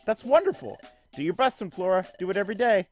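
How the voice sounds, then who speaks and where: A man voicing a friendly young creature in a video game, gentle and encouraging. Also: high voice, lively intonation, fast, soft background music, pitched above the performer's own voice. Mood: kind.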